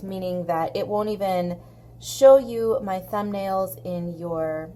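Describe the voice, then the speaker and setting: At home, a coloring video creator chats casually on camera as she colors, playful and talkative, sometimes slipping into baby talk with her pet. Her mid-range voice is mellow and slow.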